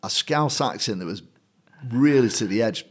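A man's voice: medium pitch, moderate pace. A middle-aged man with a Mancunian accent tells stories from his career as a matchday compere, acting out the people he meets along the way. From Manchester, England. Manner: lively raconteur who acts out the people in his stories. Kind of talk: anecdotal storytelling in a conversation.

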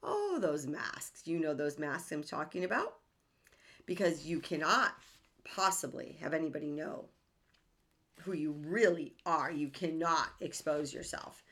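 A woman hosting a self-help podcast in a bright, sharp-edged voice. She talks earnestly and with emphasis, and she keeps checking in with rhetorical questions. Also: low-pitched, expressive, unhurried. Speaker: podcast host.

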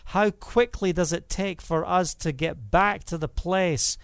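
A middle-aged man from the UK preaches a livestreamed sermon in a loose, conversational way, dotting his talk with "you know" and "hallelujah". His voice sits a little higher than most men's. The sound is dry, with no room echo. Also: measured pace, fairly bright tone, smooth. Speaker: minister.

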